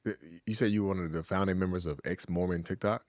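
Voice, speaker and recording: A man's voice: sits low, steady tone, quick pace, a little mellow, dry recording, studio quality. A man hosting a podcast, introducing his guest and asking questions in a casual, encouraging way. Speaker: podcast host. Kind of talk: casual interview.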